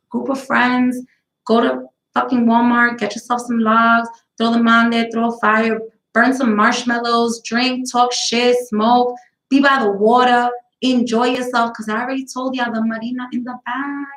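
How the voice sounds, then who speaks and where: A woman's voice: fairly high pitch, little pitch movement, unhurried, a bit bright, roomy sound, low-quality recording. A woman, chatting casually on her own live show, blunt, profane, rambling from story to story. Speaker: host of a live talk stream. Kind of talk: casual chat.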